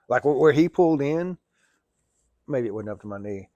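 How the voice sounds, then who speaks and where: A man's voice: mid-range voice, very animated, normal speed, dark tone, dry recording. A man who drives trucks, telling stories in a rambling, chatty way, swearing casually and laughing easily. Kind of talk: casual storytelling.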